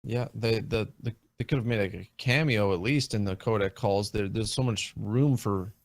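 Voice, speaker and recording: Speaking at a moderate pace in a voice on the low side, a guest in a relaxed video game chat goes on at length. He fills his talk with filler words and keeps restarting sentences. The recording has no room sound.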